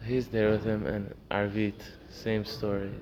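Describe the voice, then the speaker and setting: A man's voice: on the low side, completely flat delivery, measured pace, darkish tone. A man teaching a casual Torah class, telling stories with lots of fillers and acting out the people in them. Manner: storytelling, acts out characters, many fillers. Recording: dull lo-fi recording with faint noise.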